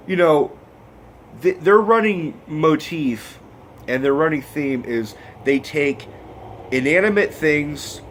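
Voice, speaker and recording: Animated, swearing man ranting about a film. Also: medium pitch, a little hiss or hum. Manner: rambling, profane and emotional. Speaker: movie review vlogger. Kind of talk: casual film review rant.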